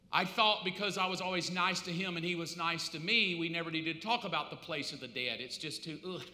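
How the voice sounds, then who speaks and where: A man preaching a sermon as pastor, dramatic, swinging between loud preaching and hushed, confessional asides. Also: on the high side, reverberant, long reverb tail.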